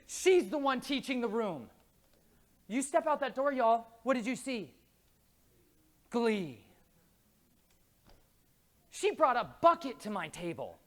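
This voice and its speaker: A man giving a lively, jokey faith talk at a conference, speaking to a live audience and telling stories. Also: extremely high pitch, slow pace, long pauses. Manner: lively, jokey, acts out quoted voices. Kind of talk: animated faith talk with storytelling.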